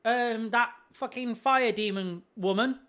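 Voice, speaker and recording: A man's voice: very high voice, measured pace, fairly bright tone, clear, resonant tone. A man, co-hosting a podcast in crude, joking casual chat. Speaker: podcast co-host.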